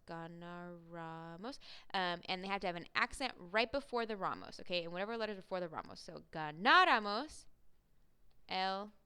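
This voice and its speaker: A woman teaching a recorded Spanish grammar lesson, explaining step by step and slowing down to drill each word form. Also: on the low side, a bit bright. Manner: clear, methodical explaining with slow drilled Spanish words.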